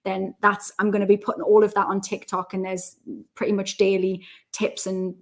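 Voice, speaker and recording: A woman's voice: mid-range voice, flat delivery. A woman in her thirties from the North East of England with a Geordie accent, chatting as a guest in a frank, joking way and laughing often. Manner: frank, jokey, quick to laugh. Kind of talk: casual chat.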